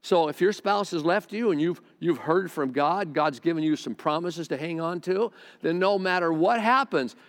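At a moderate pace and a voice on the high side, a pastor speaks casually to a congregation gathered in a large hall, with stammered restarts and occasional asides. The mic is close to his face, and the hall gives a long church reverb.

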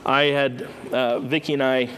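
A man's voice: mid-range voice, level tone, unhurried, fairly bright tone, slight background noise, low-quality recording. A man preaching a sermon in a conversational storytelling way, acting out the characters as he goes.

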